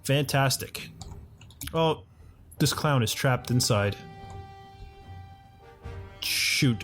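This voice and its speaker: A man's voice: mid-range voice, drawn-out words, long pauses, fairly bright tone, faint music behind. A man giving casual, chatty commentary while playing a game at home, often talking to himself and his game characters. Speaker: let's play host. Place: home condo.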